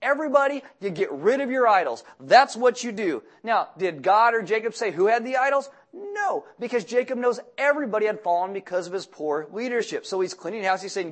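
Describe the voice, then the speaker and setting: A man's voice: high-pitched, animated, brisk, few pauses. A male pastor giving a sermon in a conversational, joking way.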